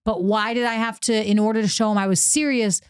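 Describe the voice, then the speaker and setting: A young woman co-hosting a podcast, telling a story in a lively way, acting out the quotes and laughing often. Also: a little high, fast talker, clean tone, dry recording, clean studio sound. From New York. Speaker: podcast co-host. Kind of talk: casual storytelling chat.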